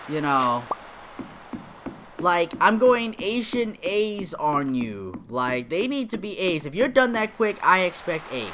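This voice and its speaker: Slow, animated man chatting over gameplay. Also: sits high, noisy background. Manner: rambling, joking storyteller with many fillers. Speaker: gaming video host. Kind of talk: casual chat while playing a farming game.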